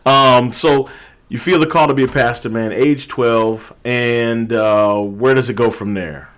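A man's voice: mid-range voice, fairly even intonation, a little slow, a bit bright. A man who is a pastor, hosting a podcast and talking casually with his guest, often dropping "man" into his sentences.

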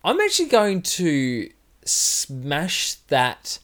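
A man's voice: a little high, very slow. A man co-hosting a podcast, chatting casually and often restarting his sentences. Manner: animated, restarts and self-corrections. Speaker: podcast co-host. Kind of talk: casual whisky podcast chat.

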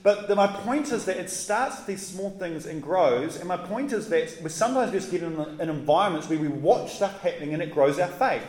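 A man preaching a casual, conversational sermon in relaxed, slangy talk with animated asides. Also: sits high, a little fast, hardly any pauses. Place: church. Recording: roomy echoey hall.

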